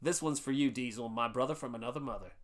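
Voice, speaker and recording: A man's voice: mid-range voice, fast talker, very noisy. A middle-aged man from the United States hosting a casual live stream, chatting and reading viewer comments while he paints, rambling with restarts in a chummy way. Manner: rambling, restarts, reads chat aloud, chummy. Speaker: livestream host painting and chatting.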